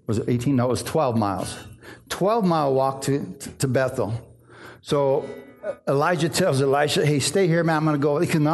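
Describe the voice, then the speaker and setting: A middle-aged male pastor preaching a sermon, telling stories with acted-out voices and often asking the crowd for an amen. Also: fairly high pitch. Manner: lively storytelling, acts out voices, asks "amen?".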